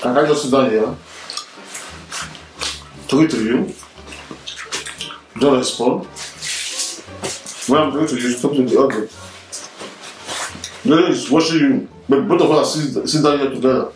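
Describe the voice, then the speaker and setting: A man's voice: mid-range voice, moderate pace, pauses often. Brief: man, husband in a couple vlog, upset and pleading, echoey room with faint music. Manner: pleading, turning upset and indignant. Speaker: vlogger, husband.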